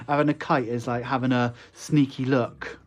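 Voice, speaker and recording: A man's voice: mid-range voice, level tone, moderate pace. A man with a West Country accent chatting casually on a live stream as an online shop owner, reading viewer comments aloud and laughing often. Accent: West Country English.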